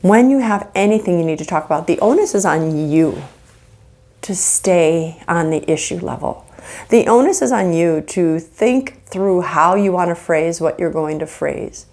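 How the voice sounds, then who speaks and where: Animated woman giving marriage advice. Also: on the low side, a little slow. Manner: animated, earnest, acts out example dialogues. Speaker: marriage counselor. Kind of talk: faith-based relationship teaching.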